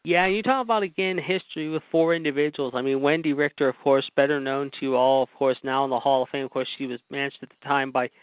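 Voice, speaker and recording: A man's voice: medium pitch, fairly even intonation, fast, few pauses, clean tone. Guy rambling through old stories, lots of "of course", sounds like a phone line, no room echo. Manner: rambling, many fillers and repeated "of course". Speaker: podcast host. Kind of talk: casual storytelling about wrestling history. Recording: dry, phone-like narrow sound.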